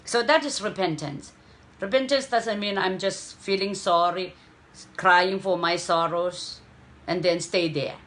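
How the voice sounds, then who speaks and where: A woman's voice: on the low side, a bit bright. A woman preaching a sermon, emphatic and often checking in with the listeners. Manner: slow, emphatic preaching with frequent "okay?" checks.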